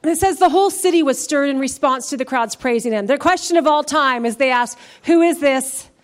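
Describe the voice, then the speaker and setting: A woman's voice: high-pitched, brisk. A woman pastor preaching a sermon in a church, building to fervent, emphatic calls to praise. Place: church sanctuary.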